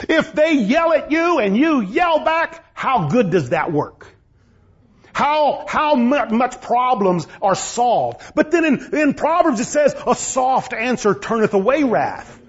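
A man's voice: very high-pitched, sing-song, slow pace, husky. A man preaching a sermon about marriage, reading King James scripture aloud and pressing his points with rising emphasis. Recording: dull, lo-fi sound.

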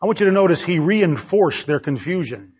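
Male preacher, high raspy voice, hammering points home in a muffled sermon recording. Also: very animated, brisk, darkish tone. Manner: emphatic, repeats phrases for stress.

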